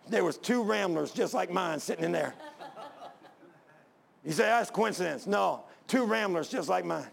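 Gravelly, high-voiced preacher man. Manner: fervent, rising to emphatic pleas. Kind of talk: sermon with personal story.

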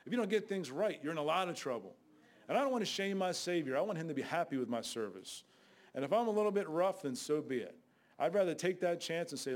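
A man's voice: a little high, animated, fast. A man preaching a sermon in a blunt, conversational way, with sudden outbursts.

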